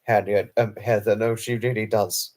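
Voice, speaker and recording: A man's voice: lowish voice, flat delivery, moderate pace, a little mellow. A man hosting a late-night live stream and answering viewers' chat messages. He talks in an effusive, formal and earnest way, often repeating himself and apologizing. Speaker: livestream host.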